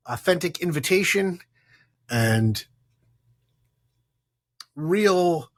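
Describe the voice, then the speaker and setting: Man co-founder, sincere interview guest, higher-pitched speaking voice. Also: fairly bright tone. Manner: earnest, measured and heartfelt. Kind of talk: reflective conversation.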